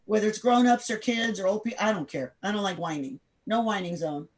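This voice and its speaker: A woman leading an interactive online class over a video call, direct and firm, quizzing the group with quick questions. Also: medium pitch. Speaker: workshop instructor.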